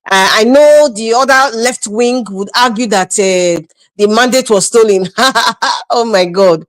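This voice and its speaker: A woman's voice: fairly high pitch, a little slow, no room sound. A woman with a Nigerian accent giving scolding, mocking political commentary on a livestream, laughing often.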